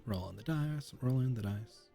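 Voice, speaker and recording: A man running a tabletop role-playing game as game master, thinking aloud in a relaxed way as he plays. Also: mid-range voice, normal speed, gravelly, soft background music. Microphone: streaming microphone.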